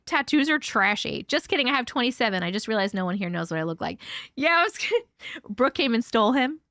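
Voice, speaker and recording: A woman's voice: fairly high pitch, animated, quick pace, fairly bright tone, no echo, studio quality. A woman hosting a casual live-stream chat, talking loosely, swearing and laughing often, her voice a little worn. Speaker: host.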